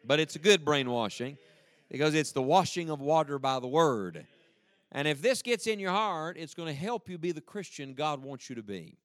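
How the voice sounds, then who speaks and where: A man's voice: fairly high pitch, lively intonation, normal speed, a bit bright, no room sound. A man preaching a sermon with emphasis and joking asides, leading the congregation to read aloud with him. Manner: leads the congregation in reading aloud. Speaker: pastor.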